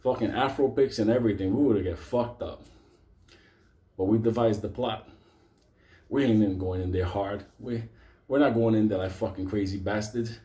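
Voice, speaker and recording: A man's voice: fairly low pitch, moderate pace, pauses often, dark tone. A man telling a comic story to a live audience, rambling, swearing constantly and laughing between lines.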